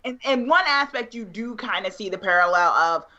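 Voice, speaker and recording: A woman chatting casually on a call, lively and animated, often acting out her own reactions. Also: mid-range voice, moderate pace, muffled recording. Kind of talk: casual chat.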